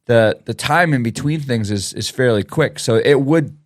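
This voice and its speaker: A man's voice: medium pitch, normal speed. Chatty man podcast co-host. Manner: chatty, with many fillers and repeated phrases. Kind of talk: casual chat.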